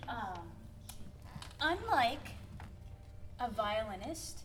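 A chatty woman with a Minnesotan accent teaches a piano workshop, leaning on words to show emphasis. Her voice sits high. She is caught from a distance, with faint noise around her. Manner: chatty, laughing asides, demonstrative emphasis. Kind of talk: workshop lesson on piano playing.

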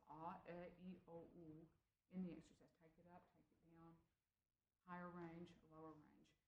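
A woman presenting a music teaching workshop, chatty and animated, often saying "you know" and laughing lightly. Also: fairly low pitch, slight background noise. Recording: roomy echoing room.

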